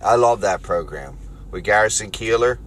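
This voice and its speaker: Philly dude ranting crude jokes on his drive, bright tense voice, faint road noise. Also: on the low side, lively intonation, normal speed. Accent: Philadelphia. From Philadelphia area. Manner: rambling, crude, jokey, swings loud and quiet. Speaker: podcast host. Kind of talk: solo rambling podcast while driving. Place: car on the road.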